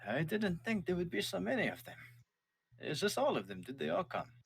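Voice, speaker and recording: A man voicing a middle-aged male nomad king who is wary of town life, speaking in a halting, hesitant way. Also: sits high, wildly swooping pitch, creaky, noisy background, voice pushed up, exaggerated voice.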